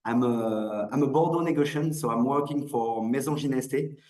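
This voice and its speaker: A man's voice: mid-range voice, normal speed, a little mellow, reverberant, rough recording. A man with a French accent giving an online wine presentation, hesitant, with many restarts and fillers. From France. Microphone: video call.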